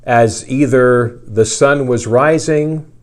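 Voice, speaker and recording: Brief: middle-aged male yarn-spinner, very slow and easygoing, drifting into asides. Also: mid-range voice. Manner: unhurried, meandering, full of asides. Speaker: radio journalist telling a story. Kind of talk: casual storytelling.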